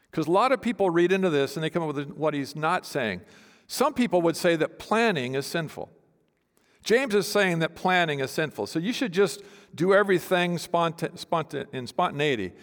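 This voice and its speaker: A man preaching an expository sermon, emphatic and teacherly, asking the congregation questions. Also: a little high. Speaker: pastor. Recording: long hall reverb.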